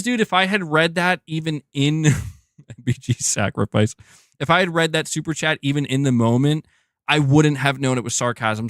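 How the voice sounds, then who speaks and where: Excitable chatty male livestream host. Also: fairly high pitch, dry recording, studio quality. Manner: excitable and chatty, often says "dude". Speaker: gaming news livestream host. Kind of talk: casual livestream chat reading viewer messages.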